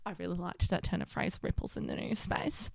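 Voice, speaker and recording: A woman's voice: lowish voice, lively intonation, fairly quick, gravelly, no echo, studio quality. A woman improvising as a self-important crocodile-egg collector, earnest and rambling as she over-explains herself. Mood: self-assured. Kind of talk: improvised comedy.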